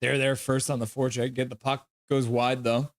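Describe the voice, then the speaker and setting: A man with a voice pitched right in the middle of the male range, talking casually through a live hockey stream. He calls the action in short, clipped phrases and drops loose asides between the plays. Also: level tone, no room sound, clean studio sound. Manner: quick clipped play calls mixed with offhand chat remarks. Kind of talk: casual live play-by-play commentary.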